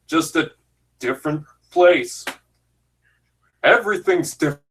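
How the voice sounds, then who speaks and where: Rambling man with a lively, highish voice. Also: a little slow, pauses often, breathy edge, poor audio. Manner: rambling, jokey, self-deprecating. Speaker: YouTube commentator. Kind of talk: casual commentary over a fan film.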